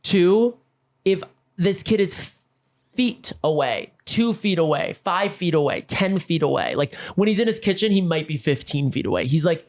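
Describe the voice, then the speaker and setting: A man hosting a podcast, telling a comic story and acting out both sides of each conversation. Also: high-pitched. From Los Angeles. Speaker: podcast host. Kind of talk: comedic storytelling monologue.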